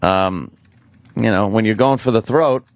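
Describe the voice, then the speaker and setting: Man, low voice, dry close studio sound, rambling radio banter, wry. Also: measured pace, no echo. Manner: rambling, many fillers, wry. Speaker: radio show co-host.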